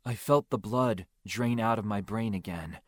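A man's voice: fairly low pitch, measured pace, no echo, studio quality. A man narrating a first-person audiobook in a wry, understated way.

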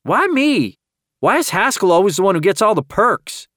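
A man's voice: high-pitched, sing-song, normal speed, fairly bright tone, dry recording, studio quality, pitched above the performer's own voice. A man voicing an eager young male deputy who protests and complains in a whining tone. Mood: whiny.

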